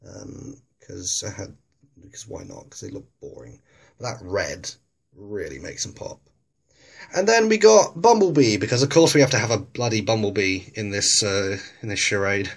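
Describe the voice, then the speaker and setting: A man's voice: on the low side, animated, moderate pace, creaky, a bit bright. A man casually narrating a tour of his collection, rambling and correcting himself with plenty of ums, filming on a handheld camera in a dim room at home. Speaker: toy collector vlogger. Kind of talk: casual show-and-tell narration.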